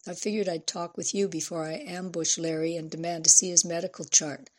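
A woman's voice: on the low side, steady tone, brisk, natural voice. A woman voicing a candid middle-aged female writer who speaks frankly and earnestly, in a storybook reading. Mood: worried.

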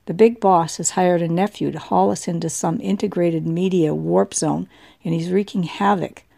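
A woman's voice: lowish voice, fairly even intonation, normal speed, creaky, dark tone. A woman reading the lines of a tired, overworked man in a storybook reading, in an earnest, apologetic manner.

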